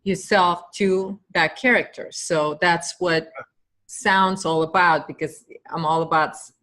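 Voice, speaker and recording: A woman interviewing, speaking thoughtfully and haltingly with fillers. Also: on the low side, fairly even intonation, fairly bright tone. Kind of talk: casual interview chat.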